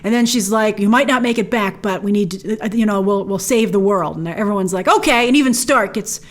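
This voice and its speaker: A woman's voice: medium pitch, fairly quick. A woman hosting an episode breakdown, narrating scenes with enthusiasm and playful quoted lines. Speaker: host.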